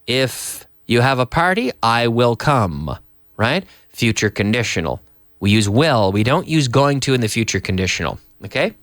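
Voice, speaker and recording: A man, a native English speaker, teaching an English lesson live and reading viewer messages aloud with animated energy. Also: mid-range voice, moderate pace, no echo, studio quality. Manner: lively, animated, reads viewer comments aloud. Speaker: English teacher and radio host.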